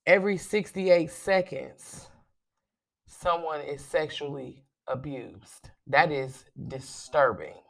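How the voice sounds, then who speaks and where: Slow-talking, chatty podcast host. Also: mid-range voice, vocal fry. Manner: chatty and emphatic, checks in with listeners by repeating "okay?"; excited shout-outs to listeners. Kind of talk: casual solo podcast monologue.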